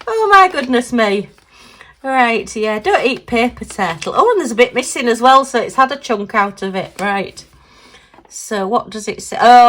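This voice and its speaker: A woman talking casually through an unboxing. She is chatty and quick to exclaim and giggle, and she talks to herself as she works. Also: medium pitch, a bit bright, slight background noise. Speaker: craft vlogger.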